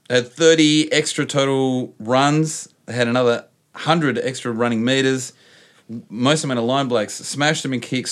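An Australian man hosting a casual sports chat, telling stories with lots of laughter. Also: mid-range voice. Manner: animated storyteller, laughs often. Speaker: podcast host.

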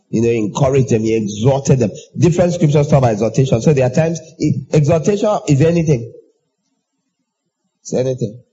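A man preaching a sermon in an animated way, acting out everyday exchanges in raised voices. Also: husky, lo-fi sound. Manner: animated, acts out dialogue in high voices.

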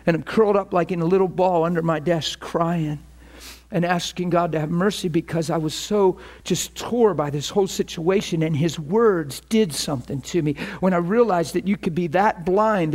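A middle-aged man preaching, telling a story and acting out both sides of phone calls. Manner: animated, acts out phone calls with rising pitch. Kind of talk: storytelling sermon.

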